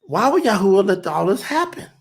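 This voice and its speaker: A man preaching fervently on a livestream, shouting scripture and then reading from his chat. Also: high voice, big pitch swings, a little fast, vocal fry. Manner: shouts and drawls, reads chat aloud.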